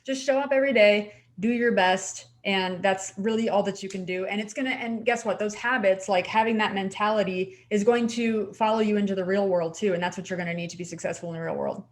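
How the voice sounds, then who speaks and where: A woman co-hosting a podcast, a dental hygienist giving encouraging advice in animated casual chat, often saying "like". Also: medium pitch, brisk, hardly any pauses.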